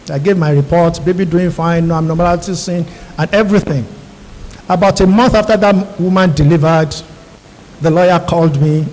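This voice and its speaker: A man's voice: on the high side, darkish tone, a little hiss or hum. A middle-aged Nigerian man, a radiologist, giving an earnest storytelling speech to newly inducted doctors in an auditorium. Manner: earnest, storytelling, addresses audience directly. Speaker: guest speaker, radiologist. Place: large university auditorium. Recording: long hall reverb.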